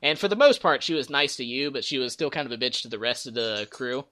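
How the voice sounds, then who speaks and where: A man's voice: mid-range voice, expressive, quick pace, sharp tone. A man hosting a casual gaming podcast, rambling through stories and acting out characters' lines. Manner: rambling storyteller, acts out game characters' lines. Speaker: podcast host.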